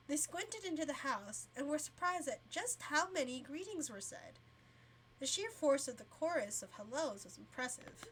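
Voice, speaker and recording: Slow, high-voiced young woman streamer. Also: very animated, a bit bright, a little hiss or hum. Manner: casual, yawning, laughs between lines. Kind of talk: reading a visual novel aloud on stream.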